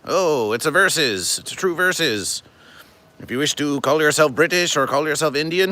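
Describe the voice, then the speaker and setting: A man hosting a comedic livestream, talking to his chat in a deadpan, stilted, formal way and calling himself by his show's name. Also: a little high, moderate pace. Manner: deadpan, stilted formal phrasing, refers to himself in third person. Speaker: livestream host.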